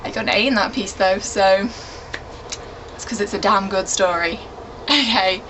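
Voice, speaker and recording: A woman's voice: mid-range voice, moderate pace, noisy background. A young woman telling a personal story straight to camera on her vlog in a chatty, self-mocking way, drifting into rambling asides. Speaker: vlogger, regular on a shared channel.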